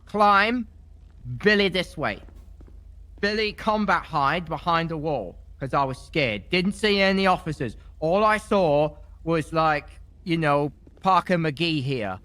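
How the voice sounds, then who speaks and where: A man with a bright, fairly high voice, in character as a defendant in a game role-play. He rambles through his testimony and bursts into shouts now and then. The sound is dry and close. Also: lively intonation, slow, dry recording. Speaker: role-player as defendant in court.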